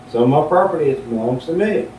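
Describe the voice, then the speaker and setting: A man's voice: expressive, fast, warm tone, close to an everyday voice. A man voicing a huge, stubborn old country farmer who talks bluntly in a folksy drawl, heard from a distance in a roomy space. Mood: gruff. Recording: roomy and distant, faint rumble.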